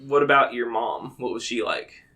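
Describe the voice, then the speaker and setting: A man's voice: medium pitch, moderate pace, sharp tone. A man co-hosting a podcast, asking questions in a casual, teasing way. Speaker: podcast co-host. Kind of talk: casual interview chat.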